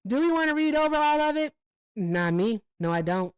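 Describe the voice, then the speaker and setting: A woman hosting a casual livestream, telling stories in a profane, animated way with sudden jumps in pitch. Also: normal speed, dry recording, rough recording. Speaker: livestream host.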